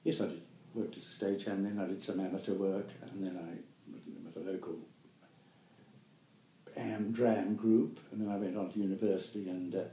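Elderly NZ man, eighties, low-ish voice, rambling chuckling memories, roomy echo. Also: steady tone, normal speed, dark tone, a little hiss or hum. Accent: New Zealand. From New Zealand. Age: 80s. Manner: rambling, chuckling, self-correcting. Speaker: guest actor. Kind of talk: reminiscing interview.

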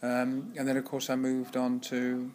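A man's voice: medium pitch, completely flat delivery, unhurried, a little mellow. Older man, guest actor, chatty anecdotes, laughs, restarts. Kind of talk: anecdotal interview chat.

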